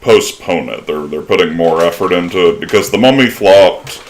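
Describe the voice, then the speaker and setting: Deep-voiced man leading a podcast chat. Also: slight background noise. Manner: steering the talk with questions, "um" pauses. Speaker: podcast co-host. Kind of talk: casual movie discussion.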